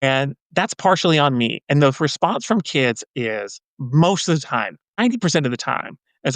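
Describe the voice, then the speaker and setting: A man's voice: medium pitch, sing-song, normal speed, hardly any pauses, a bit bright, no echo. Man, podcast guest, earnest casual talk, lots of restarts, dry close sound. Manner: earnest, loose, many fillers and restarts.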